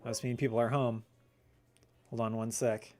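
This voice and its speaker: A man's voice: medium pitch, level tone, normal speed, a little mellow. A young man streaming a game live, chatting casually with lots of laughter and rambling asides. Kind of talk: casual live gameplay chat.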